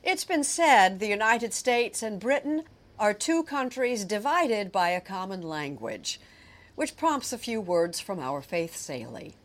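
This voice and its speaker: A woman news anchor introducing segments in a smooth scripted delivery. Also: mid-range voice, very animated, a little slow.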